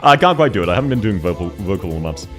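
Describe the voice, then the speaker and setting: Lively giggly young male streamer. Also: deep voice, racing, over music. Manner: giggly, chatty, greeting chat viewers by name. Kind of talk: casual game-stream chat.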